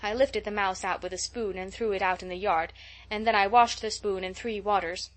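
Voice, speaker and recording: A woman's voice: mid-range voice, fairly even intonation, brisk, lightly acted. A woman voicing an imaginative, chatty young girl who tells everything dramatically, in an audiobook reading. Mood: gushing. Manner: gushing, breathless storytelling.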